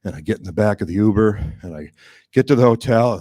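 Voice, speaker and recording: A male stand-up comedian rambles through a story, his voice swinging widely up and down in pitch. He restarts his phrases and breaks into shouted outbursts. The sound is close and dry on a club stage mic. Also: animated, quick pace, no room sound.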